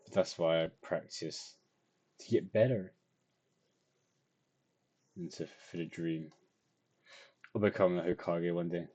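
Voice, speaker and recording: A man's voice: low voice, fairly even intonation, unhurried, long pauses, dark tone. Tired, rambling young man. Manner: rambling, self-deprecating, yawning. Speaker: vlogger. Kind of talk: casual drawing vlog.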